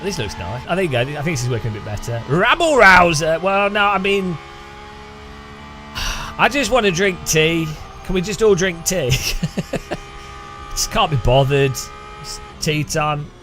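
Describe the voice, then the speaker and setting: A man's voice: on the high side, expressive, slow, pauses often, bright, forceful tone, faint music behind. Rambling, jokey man streaming. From United Kingdom. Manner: rambling, jokey, laughs often. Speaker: gaming streamer. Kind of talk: casual chat while sim racing.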